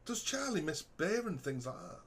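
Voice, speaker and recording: A man hosting a podcast interview, relaxed and chummy, backing the guest with "mm" and "yeah". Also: a little high, moderate pace. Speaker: podcast host. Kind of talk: casual interview chat.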